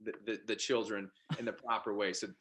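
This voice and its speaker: A man's voice: on the low side, level tone, fairly quick, a bit bright, a little hiss or hum. A man as a podcast guest, telling his life story casually and with animation, often restarting and repeating words. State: married father.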